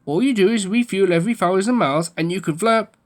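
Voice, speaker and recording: A man voicing a jolly, inventive giant wizard in a storybook, with a booming, hearty way of speaking. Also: fast talker, natural voice.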